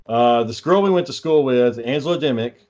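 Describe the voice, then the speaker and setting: A young man chats casually and recounts a story with heavy swearing. His delivery is exasperated and ranting, at an ordinary middle pitch. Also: brisk, a little mellow. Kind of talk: casual chat.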